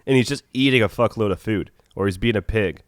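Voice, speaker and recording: A young man with a head cold and a nasal voice, chatting casually as a podcast co-host with halting restarts. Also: lowish voice, dry recording, clean studio sound. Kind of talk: casual chat.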